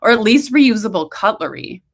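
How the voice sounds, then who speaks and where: A woman's voice: on the high side, expressive, normal speed. A woman voicing a wry young nonbinary evacuee who teases with dry wisecracks, performed in a spoken-word story reading. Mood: wry teasing.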